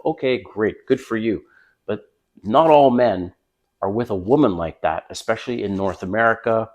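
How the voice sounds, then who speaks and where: An older man with a slightly low voice, talking straight to camera as a dating advice vlogger. He is blunt and opinionated and leans hard on his points. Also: normal speed. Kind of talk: casual advice monologue to camera.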